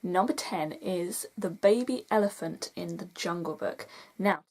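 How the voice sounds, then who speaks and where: A woman's voice: on the low side, a little slow. A young woman vlogging in a chatty, enthusiastic way, gushing as she counts down a list. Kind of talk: casual vlog countdown.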